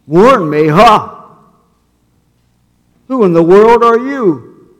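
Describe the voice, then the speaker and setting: A man voicing a jittery male burglar, pitched higher and louder than his own talk, with a long reverb in a sanctuary. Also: very animated, slow pace, full character voice. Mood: startled.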